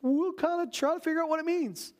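A man voicing bluffing ancient court magicians in a high, glib, pleading tone. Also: brisk. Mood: wheedling.

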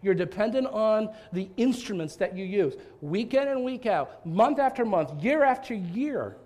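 Animated, high-voiced male pastor preaching. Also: normal speed. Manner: animated, with repeated restarts and rhetorical questions. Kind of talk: sermon.

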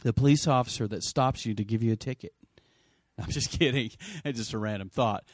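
A middle-aged man preaching a sermon as pastor, conversational, swinging between loud emphasis and quiet asides and calling for amens. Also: medium pitch, a little fast, no room sound, studio quality. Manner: asks the congregation for amens.

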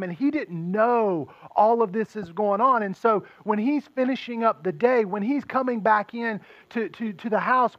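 Pastor guy preaching, high-ish voice, acts out the characters, dry slightly muffled recording. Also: no echo. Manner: animated storytelling, acting out the characters' voices. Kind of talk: sermon.

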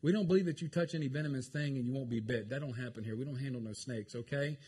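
A man preaching a lively, joking sermon to his congregation. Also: mid-range voice, fast talker, husky. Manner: animated, jokey, talks to the congregation. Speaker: pastor.

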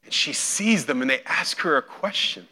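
Guy preaching, bright clear voice, bit high, tells the story like a scene. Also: animated, moderate pace. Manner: storytelling, acts out quoted voices with big swings in loudness. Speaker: pastor. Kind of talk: sermon.

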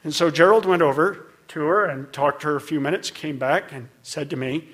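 Storytelling male preacher, a bit high. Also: brisk, fairly bright tone. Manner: conversational storyteller, rising to emphatic peaks. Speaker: pastor. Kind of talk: sermon with storytelling.

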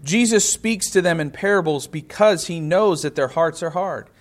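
A man's voice: fairly high pitch, normal speed. A man preaching a sermon, reading scripture aloud and explaining it with rhetorical questions.

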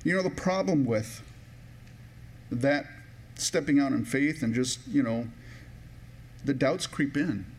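A man's voice: mid-range voice, slow pace, pauses often, breathy edge. A man preaching a sermon in a personal, conversational way, with many restarts and a touch of emotion. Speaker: pastor.

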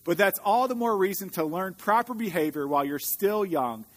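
A man's voice: high voice, lively intonation, moderate pace, in a large hall. A man voicing a strict, scolding mother bear while reading a storybook aloud. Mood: stern. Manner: stern, scolding.

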